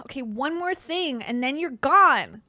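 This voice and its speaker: Woman streamer, high voice, snarky deadpan commentary, dry close sound. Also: unhurried, no room sound. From Midwest US. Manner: snarky, deadpan asides with sudden laughs. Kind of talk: sarcastic commentary reading posts aloud.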